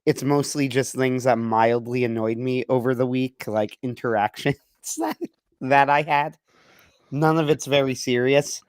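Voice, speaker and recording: A man's voice: mid-range voice, a little slow, clear, resonant tone, no echo. A man co-hosting a podcast, ranting in a rambling, joking, casual way. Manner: rambling, animated, self-deprecating joker. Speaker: podcast co-host.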